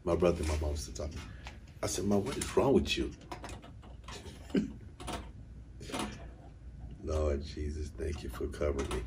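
A man's voice: extremely low pitch, measured pace, pauses often, background noise. A middle-aged man, a vocal coach, telling a personal story in a candid, emotional way, chuckling and correcting himself as he goes.

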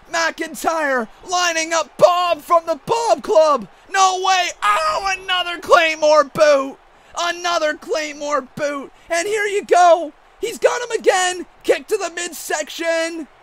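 A man doing mock wrestling play-by-play commentary over a video game, excitable and often shouting. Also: extremely high pitch. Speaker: gaming YouTuber.

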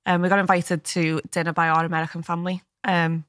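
A woman's voice: on the low side, little pitch movement, quick pace, fairly bright tone, dry recording. A woman co-hosting a podcast, chatting casually and laughing often. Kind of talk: casual chat.

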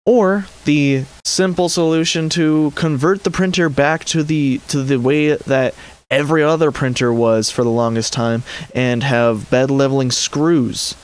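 A man's voice: mid-range voice, clean tone. A man hosting a hobby channel, giving an exasperated, rambling commentary and often correcting himself mid-sentence. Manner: frustrated, exasperated. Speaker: 3D printing channel host. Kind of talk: commentary rant to camera.

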